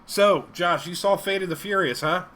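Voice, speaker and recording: A man's voice: high-pitched, normal speed, pushed and bright. A man co-hosting a live stream show, telling long rambling stories and laughing often. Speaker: co-host. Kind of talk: casual chat.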